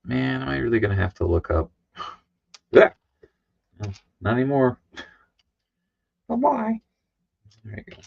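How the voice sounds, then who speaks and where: A man's voice: medium pitch, moderate pace, gravelly, pauses often, no room sound. A tired man chatting casually on a livestream, rambling with many fillers and restarts and reading chat messages aloud. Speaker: comic artist streaming live. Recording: dry, dull lo-fi sound.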